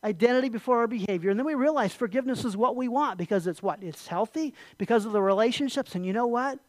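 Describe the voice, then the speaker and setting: Pastor preaching, middle pitch, swings from firm emphasis to near-hushed phrase endings, dry sound. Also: quick pace, no room sound. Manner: emphatic, swings from loud declarations to soft near-whispered endings; repetitive, rhetorical questions. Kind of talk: sermon with closing prayer.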